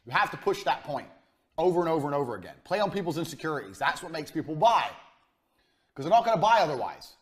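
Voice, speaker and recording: Male business lecturer, crude and blunt, pitch swinging up and down, drives each point home by repeating it. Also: sing-song, brisk, a little mellow. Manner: blunt, profane, hammering repetition. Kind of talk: business lecture to a live audience. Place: university lecture room.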